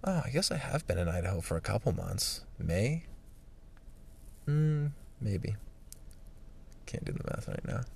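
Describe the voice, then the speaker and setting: In a room he's staying in, a young man talks to the camera in an unhurried, very animated way, his lowish voice creaky and broken by long pauses, with slight background noise. The vlog is rambling, blunt, and profane, and he occasionally sinks to a whisper.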